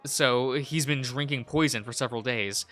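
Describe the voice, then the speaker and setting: Young man, let's play host, reading game text, halting, bright tone, faint background music. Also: mid-range voice. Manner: halting, many fillers and restarts. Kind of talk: reading a visual novel aloud.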